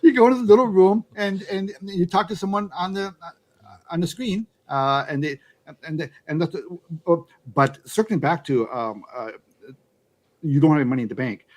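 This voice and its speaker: A man's voice: fairly high pitch, normal speed. A man talking in a casual podcast chat, often restarting his sentences with fillers before making emphatic points. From United States. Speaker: YouTube channel host.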